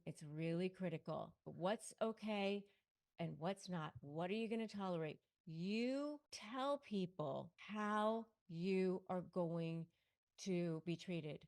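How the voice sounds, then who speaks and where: A middle-aged woman who works as a lawyer and coach speaks straight to camera with motivational advice, hammering home emphatic, punchy repeated phrases. Her voice is fairly low-pitched and darkish in tone.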